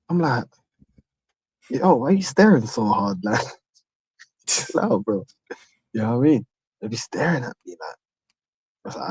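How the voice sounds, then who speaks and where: A man with a slightly husky voice spins casual stories on a live stream, full of slang and laughter. His sound is dry and close, with no room around it. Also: fairly low pitch, darkish tone, no room sound, poor audio. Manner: laid-back storytelling, London slang. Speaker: channel host.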